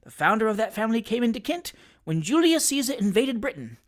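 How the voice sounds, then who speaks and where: An audiobook reader voices a fussy little attorney, a bustling, ingratiating man of the law who soothes and wheedles, repeating "my dear sir" in a coaxing mood. The delivery is quick and natural, with pitch swooping up and down with lively ease.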